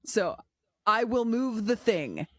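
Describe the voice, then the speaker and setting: A woman in her forties co-hosting a podcast, telling stories in a candid, animated way with quoted dialogue. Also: on the high side, slow pace, no room sound, studio quality. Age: 40s. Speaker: podcast co-host. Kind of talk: casual chat.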